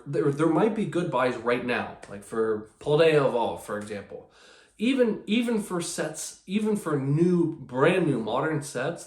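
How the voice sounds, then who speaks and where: A man's voice: mid-range voice, reverberant. A man hosting his channel, talking casually and sarcastically in a rambling way with many restarts. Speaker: channel host. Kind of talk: casual talk about card collecting.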